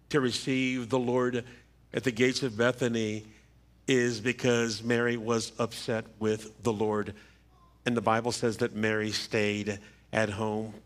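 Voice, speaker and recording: Middle-aged male pastor, funeral sermon, mid-pitched voice, slow halting repeats, church mic. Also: level tone. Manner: measured, halting delivery with repeated words. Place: church sanctuary. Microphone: livestream church microphone.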